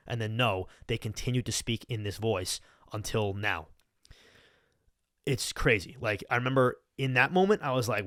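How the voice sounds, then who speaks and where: A man's voice: medium pitch, fairly quick, fairly bright tone, no echo, studio quality. A man in his twenties from Long Island hosting a casual solo podcast, rambling and sardonic with lots of swearing. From Long Island, New York. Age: 20s. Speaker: podcast host. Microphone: studio podcast mic.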